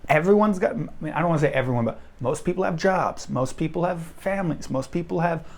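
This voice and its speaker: A man's voice: a little high, quick pace, gravelly. A young man vlogging straight to camera, blunt and self-deprecating in a casual rant. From United States.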